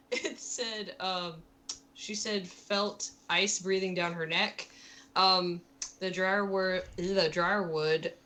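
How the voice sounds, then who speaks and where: A woman at a tabletop game session, talking slowly with a bright, forceful tone. She chats casually, giggles a lot and drops the odd swear word as she reads out her notes. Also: lowish voice, a little hiss or hum. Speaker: player. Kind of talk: casual tabletop play chat.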